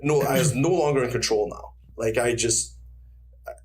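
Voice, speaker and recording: A man's voice: medium pitch, normal speed, slightly rough. A man, a retired fighter, telling stories in a casual interview, acting out quotes and swearing freely. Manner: animated storyteller, acts out quotes, swears freely.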